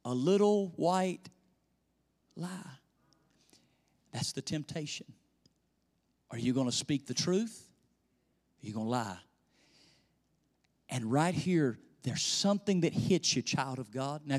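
A male pastor preaching a sermon in a church, swinging between loud emphasis and hushed near-whispers. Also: a little high. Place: church sanctuary. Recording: echoey church hall reverb.

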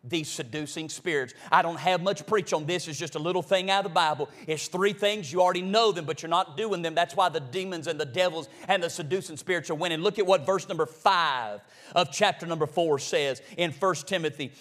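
A man delivers a sermon in a fairly high voice. He climbs to loud, high peaks and then sinks to low, intense murmurs. He calls out to the congregation and asks them to answer back. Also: brisk, hardly any pauses. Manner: call-and-response with the congregation. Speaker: preacher.

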